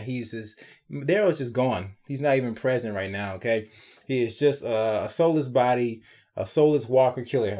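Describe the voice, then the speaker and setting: Here a man talks through a TV episode in a chatty, animated review laced with sarcasm. His voice is medium in pitch, and he often ends points with quick tag questions to the viewer.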